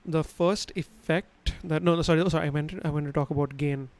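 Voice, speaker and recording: A man's voice: a little high, steady tone, fast, darkish tone, low-quality recording. A man teaching a livestream lesson on sound, explaining casually with many fillers and restarts, recorded at home on a studio microphone. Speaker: instructor. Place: his home room.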